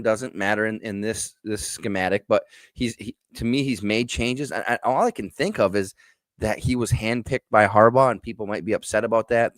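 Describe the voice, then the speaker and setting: A man's voice: on the low side, fairly bright tone, dry recording, clean studio sound. A man from Michigan's Upper Peninsula with a Yooper accent, giving frank, opinionated takes as a guest in casual sports talk. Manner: opinionated, frank, stammering restarts.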